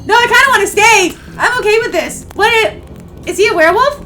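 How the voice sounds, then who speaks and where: A woman streamer reading a visual novel aloud, animated and exclaiming often. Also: extremely high pitch, fairly quick, soft background music. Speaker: let's play streamer.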